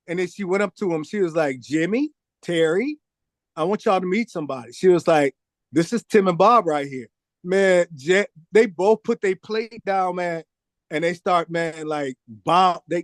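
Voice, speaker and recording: A man's voice: high voice, moderate pace, no echo, clean studio sound. A man telling a long story in a casual interview, acting out the voices of the people in it and saying "man" often. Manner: animated storyteller, acts out quoted voices, says "man" a lot. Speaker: record producer guest.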